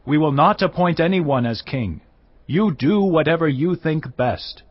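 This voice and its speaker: Frightened officials, a man doing them, high and breathy, dry dull sound. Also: expressive, a little slow. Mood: fearful. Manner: pleading, submissive. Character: fearful submissive male city officials.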